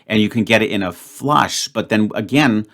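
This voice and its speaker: A man's voice: fairly low pitch, moderate pace, creaky, a bit bright. Frustrated man thinking aloud over puzzles. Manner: thinks aloud, frustrated, muttering self-talk. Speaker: word puzzle channel host. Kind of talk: solo puzzle-solving commentary.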